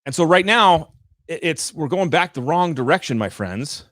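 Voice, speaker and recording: A man's voice: a little high, lively intonation, moderate pace, fairly bright tone, no room sound. A man hosting a live show, giving direct, emphatic coaching talk with points repeated for effect, in a room with large windows on a studio microphone.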